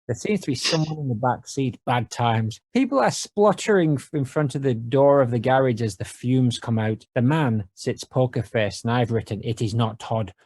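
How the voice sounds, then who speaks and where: A man co-hosting a podcast, wry and playful, reading out scene descriptions in a deadpan way. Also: mid-range voice, moderate pace, hardly any pauses, no room sound. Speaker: podcast co-host.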